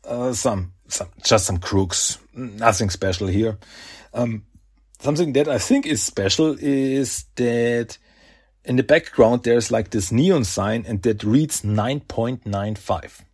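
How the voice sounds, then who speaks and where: A man hosting a podcast, casually recapping a comic in a chatty, animated way and slipping into character voices. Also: medium pitch, measured pace, husky. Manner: chatty, animated retelling with laughs and voiced asides. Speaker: podcast host.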